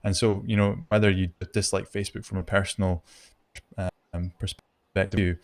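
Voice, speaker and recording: A Scottish man answers interview questions, steady and earnest as he explains. His voice runs lowish, recorded close and dry with almost no room sound. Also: moderate pace, dry recording. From Scotland. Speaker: guest, ad agency director.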